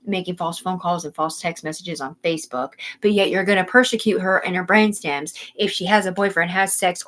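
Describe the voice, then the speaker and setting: A woman's voice: lowish voice, a bit bright, poor audio. A woman hosting a livestream from home, ranting in an angry, profane, rambling way. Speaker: livestream host. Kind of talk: live-stream rant.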